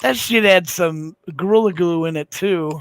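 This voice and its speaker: Male stream host, high and gravelly, loose profane storyteller; dry close mic. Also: normal speed, no room sound. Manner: profane, rambling, laughing storyteller. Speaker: livestream host. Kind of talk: casual late-night chat.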